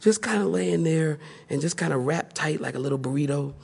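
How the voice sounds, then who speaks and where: This pastor's voice is gravelly and a little fast. Preaching a sermon, he tells animated stories and plays out the people involved, swinging his pitch widely for each voice.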